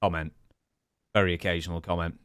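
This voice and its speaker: A man's voice: low voice, flat delivery, fairly quick, fairly bright tone, no room sound, clean studio sound. A man from England with an English accent, co-hosting a casual chat and reading listener questions in a self-deprecating way. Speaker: podcast co-host.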